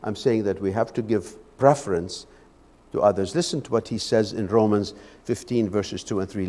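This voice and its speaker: A man's voice: on the low side, expressive, moderate pace, warm tone. A man preaching a Sunday evening sermon in a church, fervent and often repeating his words as he goes. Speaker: lay preacher. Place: church sanctuary. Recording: echoey church hall.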